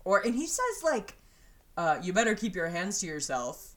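A woman's voice: medium pitch, sing-song, moderate pace. A young woman co-hosting a podcast, chatting casually and giggling through a reality show recap with lots of fillers. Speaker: podcast co-host.

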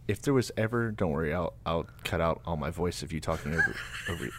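A man's voice: deep voice, lively intonation, fast talker, fairly bright tone. A man hosting a podcast, making sardonic, dry jokes while retelling a story. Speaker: podcast host. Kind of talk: comedic retelling, casual chat.

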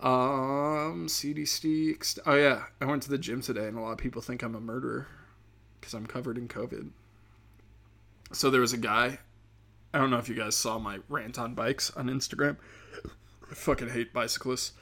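A man's voice: mid-range voice, fairly even intonation, moderate pace, vocal fry, sharp tone. Profane, rambling man ranting. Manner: profane, rambling, darkly sarcastic. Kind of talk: casual comedic rant.

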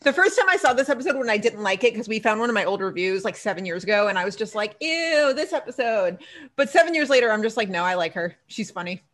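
A mid-range female voice races along very fast with few pauses as she co-hosts a podcast. She casually recaps a TV episode, animatedly acting out characters' lines while laughing and swearing freely.

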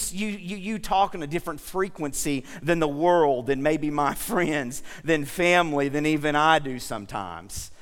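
A man preaching a sermon as pastor, telling stories and asking the congregation questions. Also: on the high side. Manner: lively storytelling, asks the congregation questions. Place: church sanctuary. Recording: long hall reverb.

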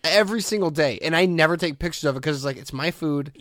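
A man's voice: fairly high pitch, racing, fairly bright tone, no room sound, studio quality. A man co-hosting a casual podcast, ranting animatedly, swearing and laughing often. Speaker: podcast co-host. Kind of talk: casual banter.

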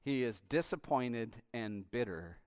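A male pastor preaching a sermon with passion, swinging between hushed and loud passages. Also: medium pitch, expressive, unhurried, clear, resonant tone, no echo, studio quality.

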